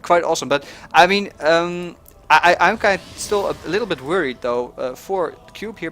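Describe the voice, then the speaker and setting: A man's voice: a little high, a bit bright, slight background noise. A man giving casual commentary on a strategy game match, with lots of fillers, restarts and small chuckles. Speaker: game caster.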